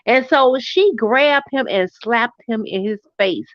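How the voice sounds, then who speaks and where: Middle-aged woman, co-host, animated storyteller, slightly high voice, dry muffled audio. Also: slow, no echo. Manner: animated storyteller, pitch jumps when quoting people. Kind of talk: casual chat, storytelling.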